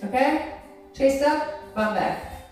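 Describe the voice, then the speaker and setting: A woman's voice: high-pitched, takes it slowly, a little mellow. Instructor woman cueing stretches in an echoey room. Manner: encouraging, gives cues and checks in with okay. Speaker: fitness instructor. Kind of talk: guiding an exercise class. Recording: very echoey room from far off, faint music.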